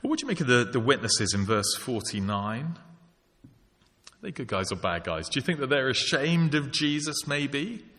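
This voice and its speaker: A man's voice: mid-range voice, big pitch swings, moderate pace, a bit bright. A man preaching a sermon, reflective and full of rhetorical questions. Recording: long hall reverb.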